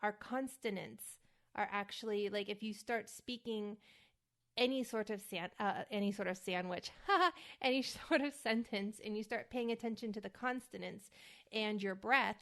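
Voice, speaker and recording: A woman from the United States giving a casual spoken lesson as host of her show. She talks slowly and carefully, saying single words for the listener to repeat, and sounds a little worn out. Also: mid-range voice, a bit bright. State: a little worn out, feeling hot. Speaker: acting coach and podcast host.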